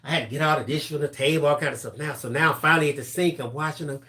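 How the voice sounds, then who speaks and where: A man's voice: on the high side, racing. A middle-aged man co-hosting a live crafting stream, telling a story in casual chat and acting out the voices of the people in it. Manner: animated storyteller, acts out voices, laughs through lines.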